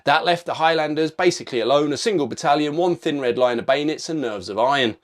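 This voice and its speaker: A man's voice: on the high side, fast talker. A man narrating a military history video in a punchy, informal scripted style with casual asides.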